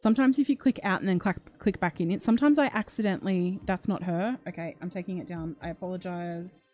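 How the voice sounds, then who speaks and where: A female true crime channel host does casual livestream commentary, chatting warmly and in a low-key way while reacting to chat and reading comments. She speaks fast over soft background music and grows emotional, gasping and coming close to tears.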